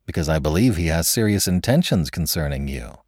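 A man's voice: sits low, expressive, a little fast, darkish tone, breathy edge, no room sound, studio quality. A man voicing a sly, teasing young officer in a spoken story, light and insinuating.

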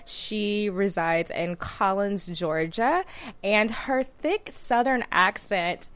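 A woman's voice: mid-range voice, expressive, takes it slowly, fairly bright tone, dry recording. Upbeat, chatty female host from Alabama, dry studio mic. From Alabama, USA. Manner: chatty, upbeat, laughs easily. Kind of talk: casual recap talk.

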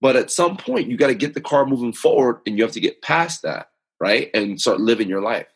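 On a podcast, a male guest who writes and speaks about self-awareness tells personal stories in an earnest, emphatic, motivational way. His mid-range voice is expressive and fairly quick, with a breathy edge.

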